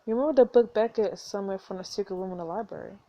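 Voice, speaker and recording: A woman's voice: mid-range voice, fast talker, dark tone, muffled recording, natural voice. A woman reading as a stern secretive professor. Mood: stern warning. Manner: firm, formal and dismissive.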